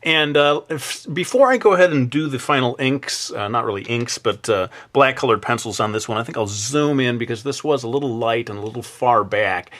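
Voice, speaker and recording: A man narrating a drawing tutorial in a relaxed, chatty way, with many filler sounds and some self-deprecating asides. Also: medium pitch, brisk, hardly any pauses. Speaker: drawing instructor.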